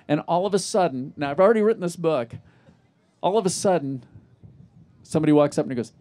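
A middle-aged man telling animated stories on a live festival stage, acting out the dialogue he quotes. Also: on the high side, quick pace. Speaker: interview guest. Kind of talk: storytelling in a live festival interview.

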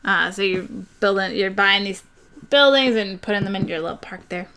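A young woman chatting casually and excitably about board games on her live stream, rambling with fillers. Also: mid-range voice, a little fast, clean tone.

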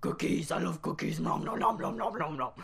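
A man's voice: fairly high pitch, animated, brisk, creaky, a crowd in the background. A young man doing a cookie-gobbling monster. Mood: greedy. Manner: gobbling, repeats cookie words. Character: greedy cookie-craving furry monster, male. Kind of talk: goofing around.

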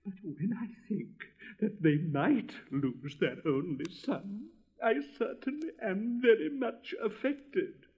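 A man's voice: sits high, expressive, slow, slightly rough, highs cut off, voice pushed up, full character voice. Man doing a vain, pompous talking firework. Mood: self-pitying. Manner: haughty, self-pitying, theatrical.

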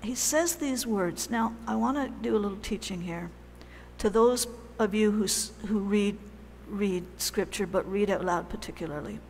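A woman preaching a sermon in a church, telling the story in a conversational, animated way with pauses. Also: medium pitch, in a large hall, slight background noise.

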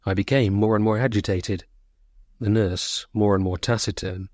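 A man narrating a short story as an audiobook, in a measured, sorrowful first-person voice. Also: on the low side, fairly even intonation, a little mellow, no echo, clean studio sound.

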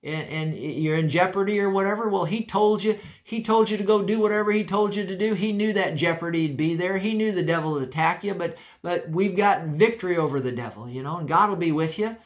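A male pastor delivers a sermon in a church with a fairly high voice. He talks in an emphatic, folksy way, driving points home by repeating phrases and often restarting sentences. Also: a little fast, few pauses.

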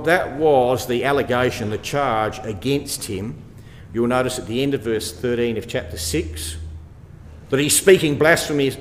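Man giving a Bible talk in a reverberant hall. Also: medium pitch. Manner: rhetorical questions, emphatic repetition. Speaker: Bible study speaker.

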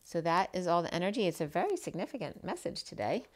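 A woman's voice: on the low side, very animated, fast talker, darkish tone. A woman giving a casual spiritual tarot reading, rambling and repeating herself and checking in with "right?" as she goes. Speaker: tarot reader.

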